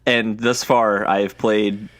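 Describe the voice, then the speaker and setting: A man's voice: on the low side, level tone, slow pace, fairly bright tone, no room sound. A man co-hosting a casual gaming podcast, bantering in a laid-back, self-deprecating way. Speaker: podcast co-host.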